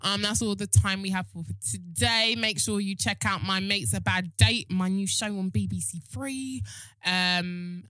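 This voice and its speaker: Bright-voiced frank woman. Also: medium pitch, dry recording, studio quality. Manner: frank, playful, quick banter. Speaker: podcast co-host. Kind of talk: casual chat.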